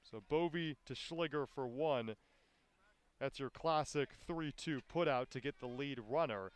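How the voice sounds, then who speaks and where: A man calling live baseball play-by-play, with his voice climbing sharply in pitch and volume on big plays. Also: normal speed, smooth. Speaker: play-by-play announcer.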